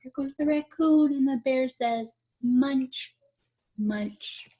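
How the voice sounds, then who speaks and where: A woman's voice: high voice, fairly even intonation, moderate pace, warm tone. A woman teacher reading a picture book aloud to children, drawing out key words and stopping to quiz her young listeners on rhymes. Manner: stretches out key words for effect.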